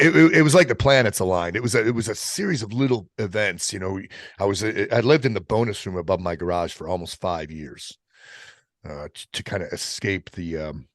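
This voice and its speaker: A middle-aged man, a military veteran guest on a podcast, telling a personal story in a casual, profane way, halting and restarting as he goes. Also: low-pitched, dry recording, studio quality. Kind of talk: candid storytelling in an interview.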